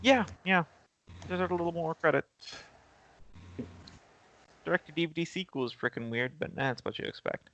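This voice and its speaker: A man's voice: a little high, lively intonation, normal speed, pauses often, bright, forceful tone, dull audio. A man acting as game master, talking casually and jokily and swearing offhand as he runs a tabletop game. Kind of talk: running a tabletop game over voice chat.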